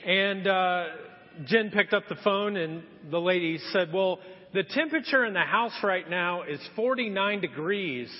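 An unhurried man with a high voice preaches in a church hall, telling a story and voicing its characters. He's a pastor, and the audio is muffled with long hall reverb.

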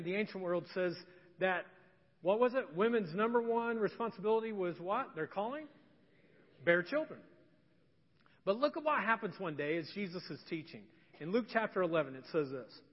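A male pastor preaches a sermon in a church sanctuary, his very high voice swinging widely in pitch at normal speed as he tells stories animatedly and acts out scenes. The recording is dull, with long church reverb.

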